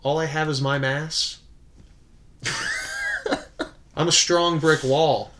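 A man co-hosting a casual podcast chat, animated and playful, laughing often and teasing his friends. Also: on the high side, slow pace, noisy background. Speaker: podcast co-host.

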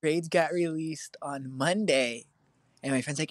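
A man's voice: a little high, moderate pace, no room sound. A teenage boy co-hosting a casual chat, telling a long story with lots of fillers and restarts. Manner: rambling, filler-heavy storytelling.

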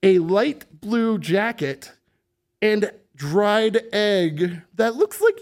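High-voiced man telling a wild story. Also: slow pace. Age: middle-aged. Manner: animated, swears freely, acts out voices in quotes. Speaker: podcast guest. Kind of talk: casual storytelling.

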